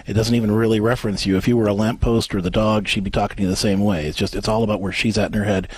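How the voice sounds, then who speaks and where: A man co-hosting a call-in advice show, coaching a caller step by step and acting out gentle example phrases. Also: on the low side, fairly even intonation, racing, slightly rough, no room sound. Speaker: radio advice host.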